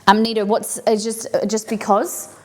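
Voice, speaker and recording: A woman's voice: mid-range voice, little pitch movement, moderate pace, background noise. A woman hosting a live cooking stream, chatting casually and thinking aloud as she works in a home kitchen.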